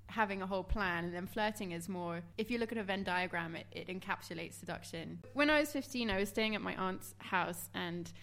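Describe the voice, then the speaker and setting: A woman's voice: medium pitch, a little fast, few pauses, slight background noise. A woman hosting a casual podcast chat, laughing often as she talks. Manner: laughs often, reacts warmly. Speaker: podcast host.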